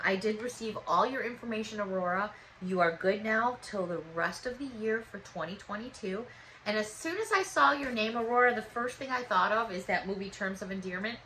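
Bright-voiced woman in her fifties. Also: mid-range voice, slight background noise, rough recording. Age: 50s. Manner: warm, gushing, chatty and thankful. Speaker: vlogger opening fan mail. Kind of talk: casual chat.

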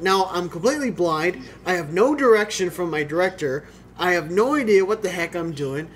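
Brief: young man, high voice, rambling profane storyteller, casual commentary co-host. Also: brisk. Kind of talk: casual riffing over a film.

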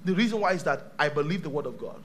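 A male pastor preaching a sermon to a live church congregation, dramatic, swinging from shouts to hushed tones. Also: on the high side, lively intonation, quick pace, background noise.

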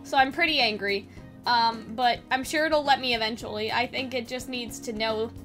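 Bright high-voiced woman gaming streamer. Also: normal speed, soft background music. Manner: chatty, swears freely, laughs often. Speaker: game streamer. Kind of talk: casual let's-play commentary.

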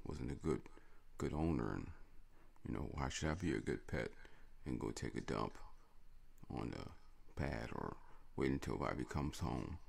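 A man's voice: very deep voice, vocal fry, darkish tone, full character voice. A man voicing a sulking house pet that grumbles about its owner and plots revenge. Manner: petulant, grumbling inner monologue.

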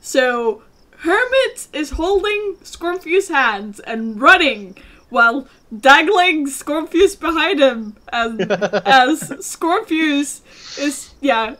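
A woman's voice: sits high, lively intonation, slow pace, pushed and bright. A woman playing in a tabletop game, talking in a hesitant, giggly way. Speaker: player. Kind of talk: casual chat in a tabletop game.

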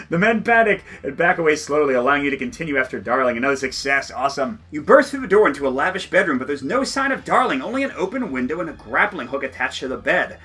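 A man's voice: on the high side, big pitch swings, fast, pushed and bright, slightly rough. A man playing through a solo board game, reading the story text aloud and joking between rolls, often laughing.

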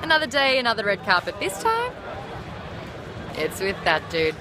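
A woman's voice: mid-range voice, sing-song, fast, a crowd in the background, noisy background. An Australian woman hosting geek culture content, talking in playful, jokey, self-mocking comedy clips. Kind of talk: comedic short vlog clips.

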